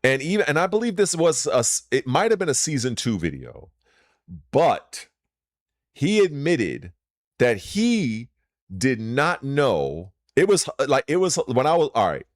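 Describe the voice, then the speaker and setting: A man hosting his own channel, delivering a heated, profane rant, swinging between loud emphasis and low muttering. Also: huge pitch swings, measured pace, dry recording, clean studio sound. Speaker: channel host.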